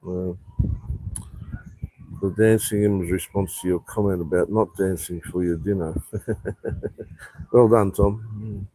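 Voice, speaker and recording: A man's voice: deep voice, steady tone, slow pace, long pauses, mellow, slightly rough, no room sound. A man chatting on a rambling live stream from an outdoor rooftop bar, swearing freely and reading out viewer comments. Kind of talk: casual live stream chat.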